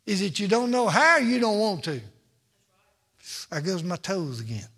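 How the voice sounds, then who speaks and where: A man's voice: high voice, big pitch swings, normal speed, fairly bright tone, slightly rough, in a large hall. A man preaching a sermon from the pulpit, with an emphatic, repetitive cadence. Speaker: pastor.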